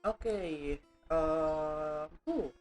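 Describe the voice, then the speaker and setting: A woman streaming a game, talking casually with playful jokes between moments. Her voice sits somewhat low, and faint music plays behind her. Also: very slow, darkish tone. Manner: chatty, playful, jokey asides. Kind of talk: casual live-stream commentary.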